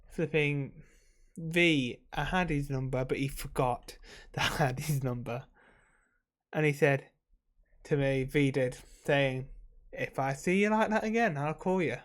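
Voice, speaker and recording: A man talking to camera in a casual, rambling vlog, emotional and swearing freely while he drinks. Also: medium pitch. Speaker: vlogger.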